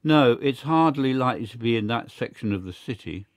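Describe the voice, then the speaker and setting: A man voicing a cool, confident male secret service agent who talks briskly and matter-of-factly. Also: mid-range voice, lively intonation, no room sound, studio quality, close to an everyday voice.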